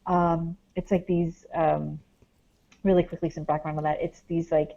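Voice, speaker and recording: A woman who investigates the paranormal tells a story as a guest on a podcast. Her low, gravelly voice is flat and moves at a normal speed, and the audio has its highs cut off. She rambles casually, leaning heavily on "like" and "um".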